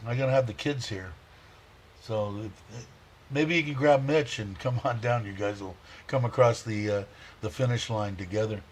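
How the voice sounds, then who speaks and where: A man hosting a casual livestream, rambling warmly, chuckling and reading viewer comments aloud. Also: fairly low pitch, slight background noise. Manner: heartfelt, chuckles often. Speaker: livestream host.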